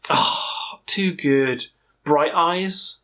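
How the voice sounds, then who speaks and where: A man with a worn, hoarse throat rattles through a ranking of his favourite metal bands. He is loose, profane and openly enthusiastic, trailing off and circling back the way he would with a friend. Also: on the high side, extremely slow, bright, forceful tone. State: tired, strained throat. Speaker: metal music reviewer. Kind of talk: casual ranking vlog.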